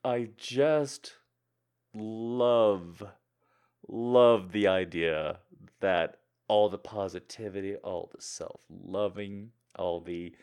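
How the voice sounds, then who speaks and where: A man hosting an audio channel, answering listener questions in a casual, jokey, animated way. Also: low voice, clear, resonant tone. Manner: animated, jokey, bursts of laughter. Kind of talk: casual Q&A chat.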